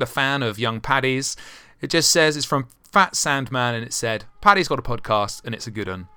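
A man hosting and running a tabletop game with a bright, crisp and smooth voice. He talks in a casual, jokey way and drops wry asides. The sound is close and dry. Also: medium pitch, no room sound. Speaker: podcast host and game master. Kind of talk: casual podcast chat and game narration.

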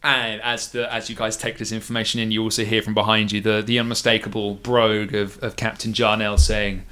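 Halting man narrating a fantasy game. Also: fairly low pitch, level tone, sharp tone. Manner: descriptive, halting with fillers. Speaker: game master. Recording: music playing behind.

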